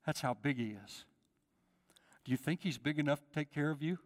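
A man in a church sanctuary preaches with a dramatic, rousing delivery, acting out the voices in the story and calling out to his listeners. His voice sits a little high for a man, and a long hall reverb trails after every phrase. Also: animated, a little fast, a bit bright. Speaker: pastor. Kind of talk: sermon.

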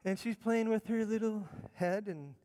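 A man's voice: high voice, a little slow, mellow. A middle-aged man preaching a sermon to his congregation in a church, talking in a conversational way and often repeating words as he builds a point. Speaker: pastor. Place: church sanctuary. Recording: long hall reverb.

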